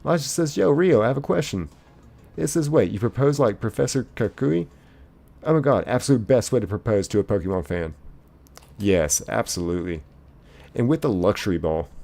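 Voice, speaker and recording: A man's voice: on the low side, expressive, fairly quick, gravelly, dark tone, faint music behind. A man streaming live, casually reading viewers' chat messages aloud in a chipper lilt and chatting back.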